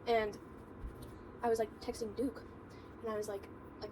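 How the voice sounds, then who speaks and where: A teenage girl chatting with her best friend in a casual Q&A, telling quick bubbly stories full of "like". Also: mid-range voice, steady tone, recorded from a distance. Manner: bubbly, quick storytelling, lots of "like". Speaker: friend and co-host. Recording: noisy home recording.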